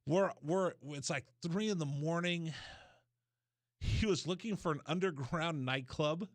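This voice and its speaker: A man hosting a radio show, telling a rambling story in a casual, animated way. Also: fairly high pitch, measured pace, no echo. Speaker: radio host. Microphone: studio mic.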